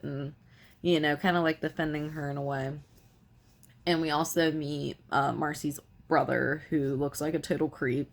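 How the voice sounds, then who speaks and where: A woman talks through a film's story for a review, loose and conversational, stringing events together with "and" and "like". Her voice sits low in pitch. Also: steady tone, normal speed. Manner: rambling retelling full of "like" and "you know". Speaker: film reviewer. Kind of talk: casual film review recap.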